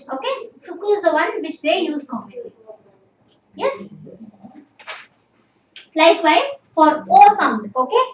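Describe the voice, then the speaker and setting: A woman's voice: very high-pitched, a bit bright. A woman teaching a language class, patient and drilling students, saying "okay" constantly. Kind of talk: live online class. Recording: echoey room, distant mic, faint noise.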